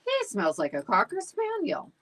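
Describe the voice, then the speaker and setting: Give me a woman voicing an eager, excitable pet dog. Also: sits high, moderate pace, voice pushed up, full character voice, low-quality recording. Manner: lively, raised and bouncy.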